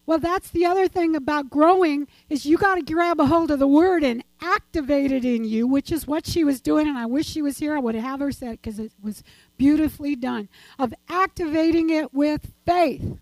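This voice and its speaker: A woman's voice: sits high, darkish tone, no room sound, rough recording. An older woman giving a chatty, rambling church talk and personal testimony, laughing often as she goes.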